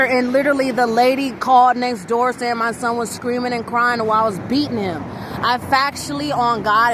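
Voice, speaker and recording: A woman's voice: a little high, fairly bright tone, slight background noise. A woman ranting indignantly to camera about losing her children, emphatic and rambling, swearing as she goes. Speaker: mother venting on video. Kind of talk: angry personal rant to camera.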